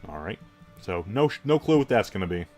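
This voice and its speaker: A man co-hosting a let's play, talking casually and hesitantly as he thinks aloud. His voice sits low, with faint game music behind. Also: big pitch swings, a little fast, darkish tone. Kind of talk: casual gaming chat.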